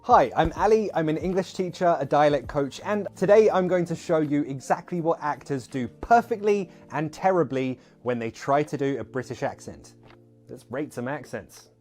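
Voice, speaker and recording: Guy dialect coach talking to camera, bit higher voice, light music under it. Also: moderate pace, darkish tone. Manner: direct explainer, addresses viewers. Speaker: English teacher and dialect coach. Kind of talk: online video presenting.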